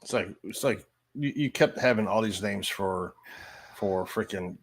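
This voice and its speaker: A man's voice: on the low side, measured pace, slightly rough. Man chiming in on a podcast. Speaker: podcast co-host. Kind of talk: casual wrestling podcast chat.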